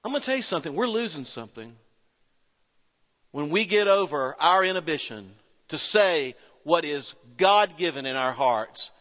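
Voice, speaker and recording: A middle-aged man preaching a sermon, telling a story with pauses and soft quoted voices. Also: a little high, lively intonation. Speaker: pastor. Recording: reverberant church hall.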